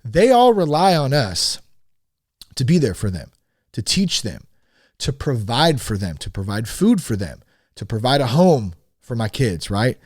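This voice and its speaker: Man in his thirties, podcast host, casual monologue, frank, animated, mid-pitched, dry close sound. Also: a little slow, dry recording. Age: 30s. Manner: animated and frank, with swearing and rising emphasis.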